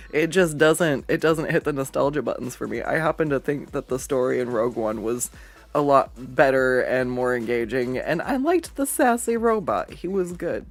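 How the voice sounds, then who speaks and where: A chatty art streamer who rambles through stories mid-drawing, laughing often and swearing casually. The voice sits at a middling pitch and leaps sharply higher when acting out what others said. Faint music plays underneath. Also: animated, moderate pace. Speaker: artist streaming a drawing session. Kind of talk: casual chat while drawing on a livestream.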